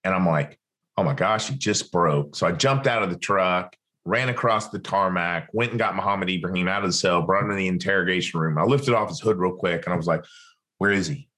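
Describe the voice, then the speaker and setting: A man's voice: deep voice, a little fast, sharp tone. A man, a former military interrogator, telling his story in an interview and acting out the dialogue as he goes. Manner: vivid storyteller who acts out quoted dialogue.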